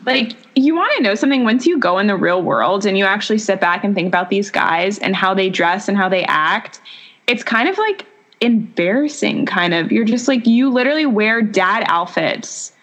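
A woman's voice: medium pitch, lively intonation, normal speed, a bit bright. A young woman in her twenties co-hosting a podcast, chatting playfully with frequent fillers. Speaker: podcast co-host. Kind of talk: casual chat.

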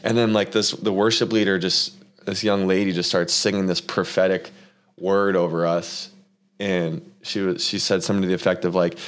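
Man, podcast host, lowish voice, rambling storyteller, earnest, casual talk. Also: level tone, normal speed, smooth. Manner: rambling storytelling, many "like" fillers. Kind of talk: casual faith conversation.

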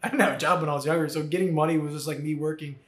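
A man's voice: fairly high pitch, steady tone, rapid-fire, fairly bright tone. A young man co-hosting a podcast, telling rambling stories in a casual, filler-heavy way. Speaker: podcast co-host. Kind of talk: casual chat. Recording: echoey room.

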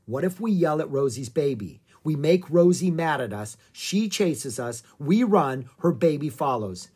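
A reader voicing a brave, excitable young girl in a children's audiobook, with urgent, high-pitched cries. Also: unhurried, husky. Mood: determined. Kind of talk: audiobook character voice.

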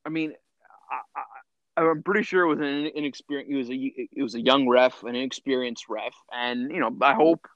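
A man co-hosting a soccer podcast in casual chat, opinionated and halting, with many fillers and restarts. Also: mid-range voice, fairly bright tone, dry recording. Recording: slightly muffled lo-fi recording.

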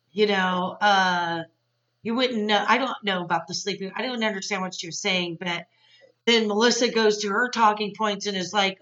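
A woman hosting a podcast, recapping a reality show in a gossipy, excitable way and retelling scenes with quoted voices. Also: mid-range voice. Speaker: podcast host. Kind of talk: casual recap commentary. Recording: dull lo-fi sound, mic at a distance.

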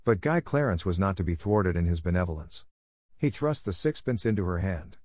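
A man narrating a classic novel as an audiobook, steady and even. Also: low voice, a little fast, no echo, studio quality.

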